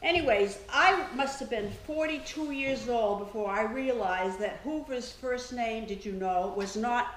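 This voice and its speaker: An older woman spins chatty anecdotes for a small audience, laughing often. Her voice sits a bit high and moves slowly. The room is echoey, with a faint hiss behind her. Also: a bit bright. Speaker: author giving a talk. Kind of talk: storytelling talk to an audience.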